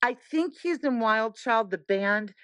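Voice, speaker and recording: A middle-aged woman telling a story as a podcast guest in casual chat, animated and acting out the voices she quotes. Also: fairly high pitch, takes it slowly, dry recording.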